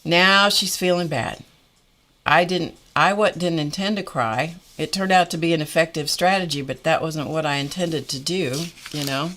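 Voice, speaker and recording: A woman's voice: deep voice, normal speed, a bit bright, slight background noise. A middle-aged woman hosting a live stream, telling a story in a wry, exasperated way with frequent laughs. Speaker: host of a live art stream. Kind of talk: casual storytelling chat.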